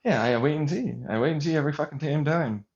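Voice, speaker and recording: A man's voice: on the high side, fast talker, darkish tone. A man vlogging an intense monologue, agitated and sarcastic as he rants. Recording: dull lo-fi recording.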